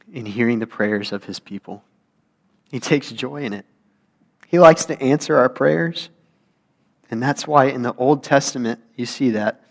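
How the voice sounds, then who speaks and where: Young adult man, pastor, casual sermon, chatty preaching, fillers, mid-pitched voice. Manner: conversational, acts out whiny voices, grows heated.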